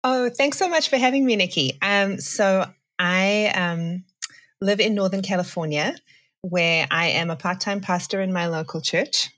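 A woman pastor speaking as a guest on a podcast, pausing with fillers as she introduces herself. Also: medium pitch, fairly bright tone. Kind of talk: podcast interview.

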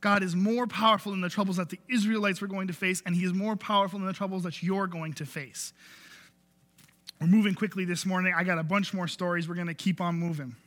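A man's voice: high voice, fairly even intonation, fast talker, a bit bright, long reverb tail. A man preaching a sermon, telling the story and repeating key phrases for emphasis. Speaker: pastor.

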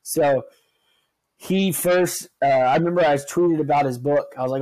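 Animated young man telling stories on a podcast. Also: medium pitch, moderate pace. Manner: animated storyteller, swears, acts out quotes. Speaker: podcast co-host. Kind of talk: casual podcast chat.

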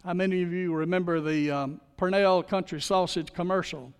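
High-voiced preacher in a hall. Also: male voice, steady tone, moderate pace, clear, resonant tone. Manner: folksy storytelling preacher. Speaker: pastor. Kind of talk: sermon.

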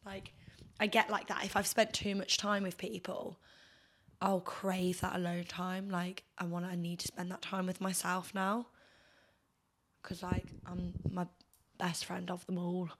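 A woman's voice: fairly low pitch, completely flat delivery, measured pace. A young woman hosting a podcast, hungover and tired, chatting casually in a rambling, gushing way full of fillers. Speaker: podcast host. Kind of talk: casual chat.

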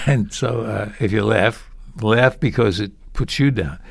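Man with a lowish voice giving advice on preaching, chuckles between points. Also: unhurried, gravelly. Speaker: preaching teacher. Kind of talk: podcast conversation.

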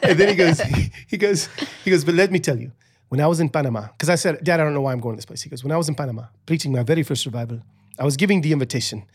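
A man who is a podcast guest, telling stories in a chatty, animated way with many restarts. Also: a little high, very fast, breathy edge. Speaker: podcast guest, author and speaker. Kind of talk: casual storytelling interview.

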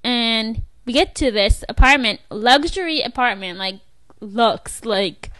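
Bright animated young woman telling stories. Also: on the high side, a little slow. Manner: animated storyteller, acts out quotes, laughs a lot. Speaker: podcast co-host. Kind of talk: casual chat, storytelling.

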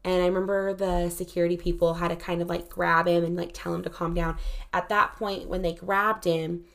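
A woman recounts a hard personal story in a casual, unscripted way, leaning on "like" as she talks. Her voice sits low and has a strong gravelly fry throughout. She sounds candid and emotional. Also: flat delivery, brisk. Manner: frequent "like" fillers, candid and emotional.

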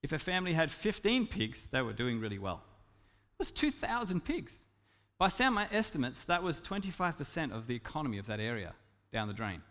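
A man preaching a sermon as a pastor, swinging from loud emphatic lines to soft, intimate ones. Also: fairly high pitch, very animated, a little fast, in a large hall.

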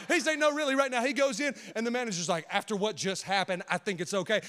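High-voiced pastor, animated storytelling, hall reverb. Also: male voice, quick pace, few pauses. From Nashville, Tennessee. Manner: animated storytelling with shouts and hushed asides. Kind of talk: sermon. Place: church auditorium.

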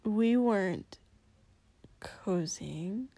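A woman voicing a drunk young prince who mutters in a low, slurred voice. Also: slow pace, creaky, darkish tone, no room sound. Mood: muttering. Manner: low muttering, some lines whispered. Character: young drunk male prince, quiet and stubborn.

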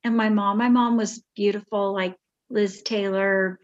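A woman's voice: mid-range voice, steady tone, unhurried. Older woman rambling through memories, lo-fi. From Bay Area, California. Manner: rambling, warm reminiscing with restarts. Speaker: podcast guest. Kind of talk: casual storytelling.

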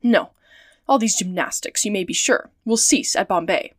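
A woman's voice: mid-range voice, normal speed, dry recording, studio quality, lightly acted. A woman voicing a cheerful, trusting male manservant in a storybook reading, with eager, amiable talk.

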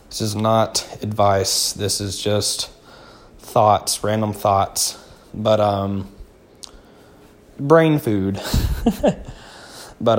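A young man from the United States hosting a casual solo podcast, laid-back and slangy, often calling the listener "man" or "dude". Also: lowish voice. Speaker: podcast host.

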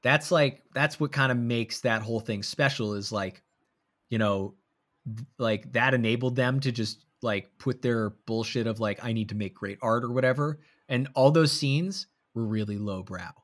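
A man co-hosting a casual movie podcast, rambling with many fillers and trailing off softly. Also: mid-range voice, moderate pace. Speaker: podcast co-host. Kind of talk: casual movie review chat.

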